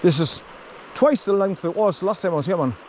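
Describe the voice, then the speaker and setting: A man's voice: high-pitched, expressive, a little fast, a little mellow, slight background noise, low-quality recording. Weary man pushing through bracken. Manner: blunt, swears, talks to his dog between remarks. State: tired from wading through bracken. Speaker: vlogger. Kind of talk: walking commentary to camera. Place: outdoors on an overgrown rural path.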